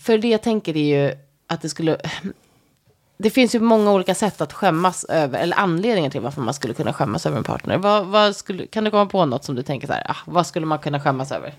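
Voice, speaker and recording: A woman co-hosting a podcast in casual chat, thoughtful and relaxed, with many hesitations and soft agreeing sounds. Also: sits low, very fast. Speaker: podcast co-host.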